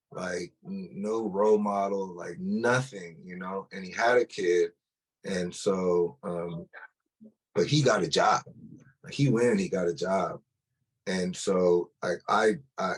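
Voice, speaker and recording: A man speaks in a low, slightly raspy voice as he recounts his own story. His telling is casual and unpolished, with frequent restarts and fillers. It sounds like a personal testimony told to a listener. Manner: loose and conversational, full of "like" and restarts.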